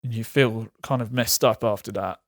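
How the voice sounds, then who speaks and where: A man's voice: fairly low pitch, fairly even intonation, no echo. Guy, frank vlog talk, stops and restarts, jokes about hard things; dry, close recording. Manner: frank, halting, laughs through hard topics. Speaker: vlogger sharing patient experience. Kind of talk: candid personal talk to camera.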